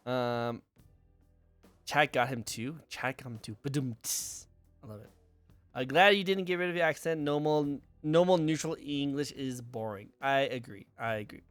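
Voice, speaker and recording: A man's voice: mid-range voice, normal speed, smooth, no room sound, faint music behind. A young man from the United States hosting a casual stream interview, upbeat, often repeating his phrases and laughing easily.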